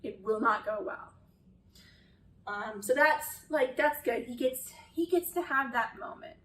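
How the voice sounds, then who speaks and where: Woman, high voice, casual critique, chatty and exasperated, roomy distant sound. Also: a little slow, a bit bright, slight background noise. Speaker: video essayist.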